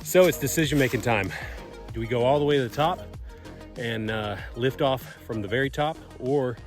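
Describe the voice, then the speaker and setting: A man talking casually as a vlogger, easygoing and chatty, often pausing with "uh". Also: medium pitch, soft background music. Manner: easygoing, chatty, with frequent "uh" pauses. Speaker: vlogger and property owner. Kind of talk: casual vlog narration.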